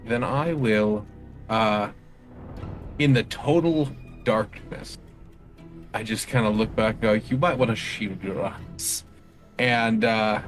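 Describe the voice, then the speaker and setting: A man's voice: lowish voice, a bit bright. A man playing a tabletop game, checking rules aloud and describing his character's spell. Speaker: player. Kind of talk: casual tabletop play.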